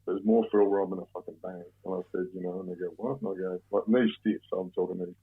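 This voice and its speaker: An Australian man, a guest on an interview show, telling stories in a relaxed, rambling way and swearing freely. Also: deep voice, fast, breathy edge. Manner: relaxed, profane, rambling storyteller. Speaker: guest, former bank robber. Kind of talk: casual storytelling interview. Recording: narrow phone-like sound.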